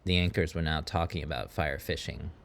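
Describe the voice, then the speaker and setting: A man reading a scripted story as narrator, in a steady, measured way. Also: rumbling low, gravelly, smooth. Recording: audible background noise.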